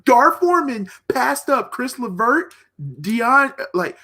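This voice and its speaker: A man's voice: very high-pitched, big pitch swings, takes it slowly, sharp tone. A man co-hosting a casual sports talk podcast, ranting in a heated way and reading notes off his phone. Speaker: podcast co-host.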